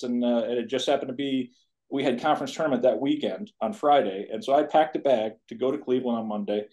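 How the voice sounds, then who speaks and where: In a warm, mid-range voice, a fifty-something man talks fast as he tells a personal story on a podcast. He coaches college tennis, and his manner is earnest and rambling, peppered with asides.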